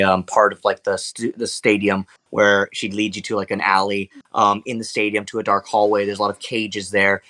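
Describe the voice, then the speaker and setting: A man's voice: on the low side, sharp tone, no room sound. A young man narrating a tabletop game as game master in a loose, casual way full of fillers.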